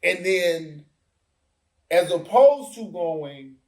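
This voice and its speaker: An emphatic middle-aged man talks through a heated casual discussion, his voice swinging widely up and down as he acts out quotes. He sits a little above the usual male pitch and keeps pressing his point. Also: expressive, extremely slow, darkish tone, reverberant. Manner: emphatic, explains with acted-out quotes. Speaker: podcast host.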